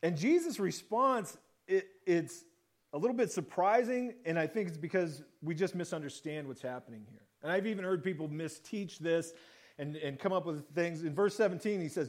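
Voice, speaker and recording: A man's voice: high-pitched, moderate pace. A man preaching a sermon in a conversational way, acting out the quoted lines of the story. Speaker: pastor.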